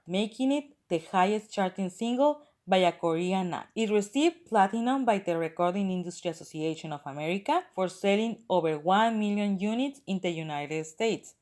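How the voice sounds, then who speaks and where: A woman narrating a countdown video as a channel host, reading out chart facts and lists in a steady, scripted way. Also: medium pitch.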